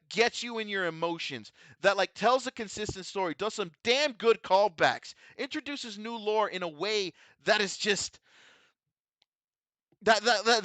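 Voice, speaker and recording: A man's voice: very high-pitched, bright, forceful tone, dry recording. A man gushing emotionally as a fan, emphatic and repetitive, swearing freely as he praises a show. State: emotional, overwhelmed. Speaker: vtuber host reviewing a tokusatsu episode. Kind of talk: excited fan commentary.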